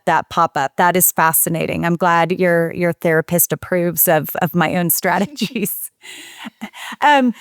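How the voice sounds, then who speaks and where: A woman's voice: on the low side, clean tone, no room sound, studio quality. A woman interviewing a guest on a podcast, enthusiastic and engaged. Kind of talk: interview questions.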